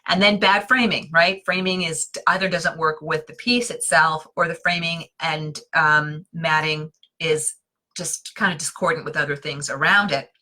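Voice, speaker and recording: A woman's voice: low-pitched, fairly even intonation, moderate pace, pushed and bright. A woman hosting a live stream on interior design, teaching in a chatty, self-deprecating way with lots of fillers and asides.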